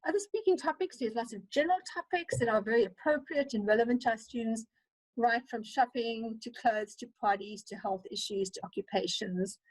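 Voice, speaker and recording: South African female lecturer, higher voice, rapid animated online teaching. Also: husky, no echo, rough recording. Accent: South African English. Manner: fast-talking, animated, with many fillers. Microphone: computer mic on a video call.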